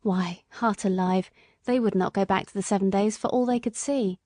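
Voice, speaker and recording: Brief: a woman reading as an earnest working-class cabman, mellow and dry-toned. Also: mid-range voice, normal speed, no room sound, lightly acted.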